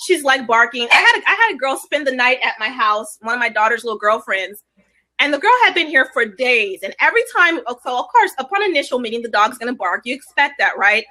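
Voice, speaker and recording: Bright high-voiced animated woman. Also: brisk. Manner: animated storyteller acting out quotes. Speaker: guest. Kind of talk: casual livestream chat. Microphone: video call.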